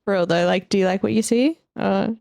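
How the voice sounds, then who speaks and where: A woman's voice: mid-range voice, fairly quick, creaky, darkish tone, no echo, clean studio sound. A young woman talking through a drawing tutorial in a playful, jokey way, chatting to viewers. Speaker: art tutorial host. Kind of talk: casual drawing tutorial voice-over.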